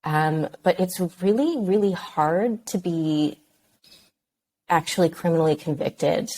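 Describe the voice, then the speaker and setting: A woman in her thirties, a podcast guest speaking candidly and thoughtfully, with many pauses and restarts. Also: lowish voice, a little mellow. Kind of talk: candid interview conversation.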